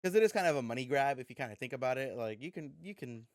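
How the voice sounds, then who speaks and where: A man's voice: mid-range voice, animated, quick pace, no echo, clean studio sound. A man telling a rambling, profane story in a casual podcast chat. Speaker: podcast guest.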